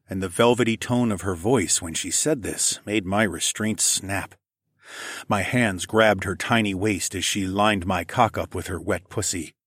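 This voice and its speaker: Man, low voice, husky, soft hushed first-person audiobook narration. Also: dry recording, studio quality.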